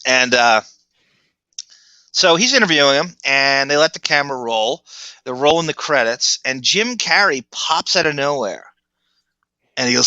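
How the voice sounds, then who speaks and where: Bright, dull-toned male podcast host. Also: mid-range voice, lively intonation, moderate pace, no echo. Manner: rambling storytelling with restarts. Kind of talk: casual podcast chat.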